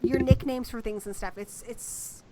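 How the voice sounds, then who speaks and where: A woman from Britain hosting a casual livestream chat, with an American accent that carries traces of British and a fast, chatty way of talking. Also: a little high, fairly even intonation, noisy background. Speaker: host.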